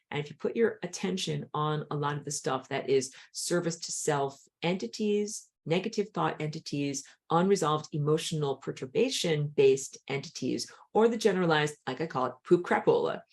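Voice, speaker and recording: A woman with a dry throat teaching an online spiritual class, talking in an animated way and jumping high when she acts out a crying child. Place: outdoors on a hot day.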